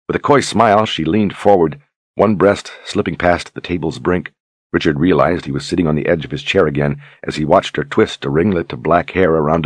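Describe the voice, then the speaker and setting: A man narrating a fantasy novel in a steady, measured storytelling manner with a husky voice. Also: extremely low pitch, no echo. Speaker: audiobook narrator.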